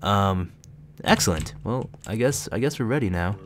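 A man's voice: on the low side, lively intonation, moderate pace, a little hiss or hum. Giggly guy doing let's play commentary, bouncy voice, keyboard clicking in the back. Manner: playful, giggly, talks to game characters. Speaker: gaming channel host.

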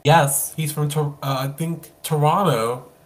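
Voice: medium pitch, fairly even intonation, measured pace. A podcast host interviewing a guest over a call, playful and effusive, cracking jokes and gushing.

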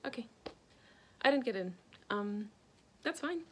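A woman's voice: on the high side, lively intonation, a little slow, a bit bright, slight background noise. A young woman from North Carolina talking casually in a vlog, chatty and full of "like" fillers. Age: young adult. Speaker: vlogger.

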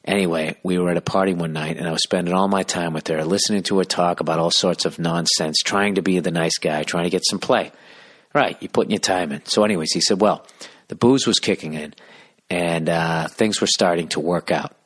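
A man hosting a podcast, rambling through a comedic monologue in a hushed, half-whispered voice with constant swearing. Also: deep voice, steady tone, a little fast. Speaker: podcast host.

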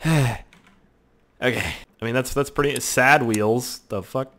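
A young man doing loud, excitable gaming commentary, swearing, yelping and shouting as he plays. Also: medium pitch, measured pace. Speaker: gaming YouTuber.

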